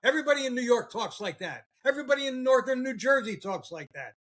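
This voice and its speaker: High-voiced older man ranting on a podcast. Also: lively intonation, fairly bright tone. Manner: heated ranting with swearing and halting fillers. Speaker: podcast host. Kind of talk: casual political chat.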